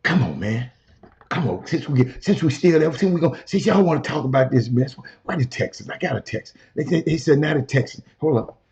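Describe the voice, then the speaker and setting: This man's voice is a little high, a little mellow, expressive and somewhat fast as he runs a sports talk show out of a hotel room. Casual and emphatic, he repeats himself for emphasis and addresses his cohost and viewers, recorded on a portable camera in dull lo-fi quality.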